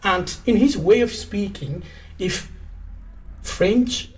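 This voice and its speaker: A man's voice: high-pitched, slow. A man from Nepal with a Nepali accent, a guest English test teacher explaining emphatically, repeating his points and spelling words out letter by letter. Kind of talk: explanatory interview talk.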